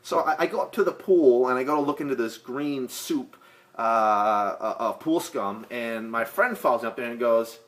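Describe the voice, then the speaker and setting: A man's voice: mid-range voice, moderate pace. A man, a real estate agent answering viewer questions in a casual, rambling, joking way with lots of fillers. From Boston area. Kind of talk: casual vlog Q&A.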